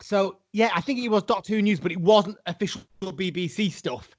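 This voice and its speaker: A man's voice: high voice, a little fast. A man co-hosting a podcast over a video call, chatty and self-deprecating. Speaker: podcast co-host. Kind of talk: casual podcast chat.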